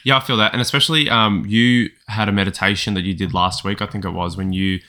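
A man co-hosts a casual, reflective podcast chat. He speaks thoughtfully and often pauses to find his words. His voice is low with a bright, forceful edge. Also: fairly even intonation. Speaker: podcast co-host.

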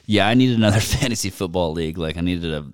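A man co-hosting a casual podcast, cracking jokes and swinging from loud quips to mumbled asides. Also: deep voice, fast, smooth. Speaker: podcast co-host. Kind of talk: casual banter.

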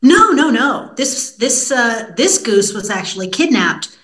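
A woman, a TV news reporter, chatting as a podcast guest and telling stories in a lively, self-deprecating way. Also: fairly high pitch, measured pace, poor audio. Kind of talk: casual podcast interview.

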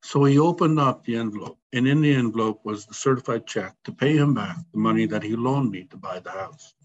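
Animated man telling a story. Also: medium pitch, brisk. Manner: animated storyteller acting out quoted voices. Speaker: guest. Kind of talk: storytelling in a podcast interview. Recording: slightly dull sound, faint background noise.

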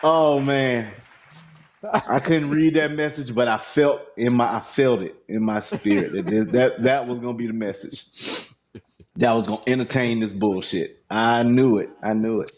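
A man's voice: medium pitch, moderate pace, darkish tone, lo-fi sound, slight background noise. A man co-hosting a podcast, reacting with laughs and crude jokes during banter. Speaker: podcast co-host.

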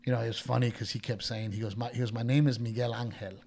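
Brief: man, comedian, animated storyteller, mid-pitched voice, quotes people in character. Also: fast talker, gravelly. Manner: animated storyteller who quotes others in their voices, swears. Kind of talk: casual chat, storytelling.

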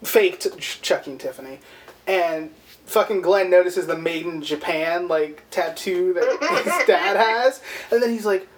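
A man's voice: high voice, unhurried. A man co-hosting a movie podcast, recapping the plot in profane, rambling casual chat and acting out quotes. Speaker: podcast co-host.

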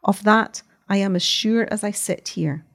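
A woman voicing a distressed, weary noblewoman who speaks low, with a moan in her voice, in a read-aloud story. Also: unhurried, vocal fry. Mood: anguished. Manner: low and moaning.

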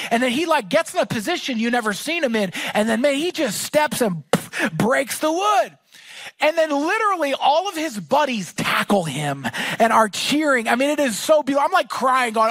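A man preaching a sermon as pastor, talking in a casual, animated way that rises to shouts. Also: extremely high pitch, no echo.

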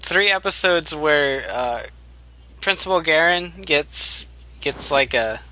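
A man's voice: on the high side, expressive, slow pace, bright, forceful tone, no echo. A man hosting a casual podcast, reading out news with loose, rambling asides and frequent laughs.

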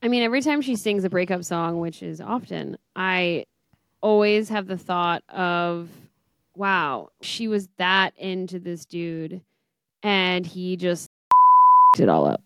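A woman's voice: fairly low pitch, lively intonation, slow pace, a bit bright, clear, resonant tone. A young woman co-hosting a podcast, casual and wry, with offhand teasing remarks. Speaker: podcast co-host. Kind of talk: casual chat.

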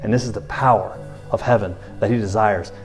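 A man preaching in a loose, conversational way, often checking in with his listeners and dropping to a quiet voice for emphasis. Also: fairly low pitch, steady tone, a little fast, over music. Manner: conversational, often asks 'you know what I'm saying', drops soft for emphasis. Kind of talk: informal sermon.

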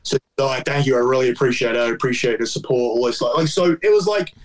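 A man's voice: mid-range voice, fast. A man in his forties telling a long rambling story in casual podcast chat, full of fillers and restarts. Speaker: guest fan.

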